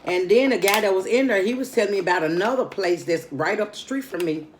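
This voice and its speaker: A woman's voice: mid-range voice, fast talker, slight background noise. A tired woman chatting casually to her viewers in a mukbang vlog while she eats. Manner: chatty, laid-back, talks straight to viewers. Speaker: mukbang vlogger.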